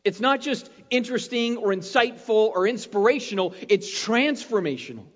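A man preaching a sermon as pastor, talking in an animated, conversational way and checking in with his listeners often. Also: sits high, normal speed. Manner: conversational, animated preaching with frequent "right?" tags. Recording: muffled, long hall reverb.

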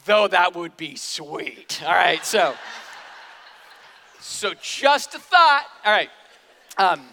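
A man's voice: high voice, big pitch swings, slow pace, gravelly, long pauses, bright, forceful tone. A man preaching a sermon in a casual, joking way, slipping into quoted voices, in a church hall. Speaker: pastor. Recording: long hall reverb.

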